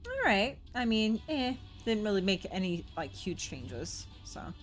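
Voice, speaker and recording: A woman's voice: medium pitch, huge pitch swings, moderate pace, faint music behind. A woman streamer giving giggly, chatty commentary while playing and reading game dialogue aloud. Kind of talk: casual gameplay commentary.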